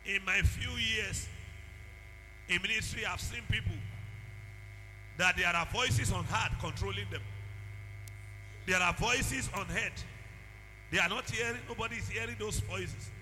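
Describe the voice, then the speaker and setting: A man, a pastor, preaching a sermon that swings into shouted prayer and speaking in tongues. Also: sits high, unhurried, long pauses. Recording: music under a long hall reverb.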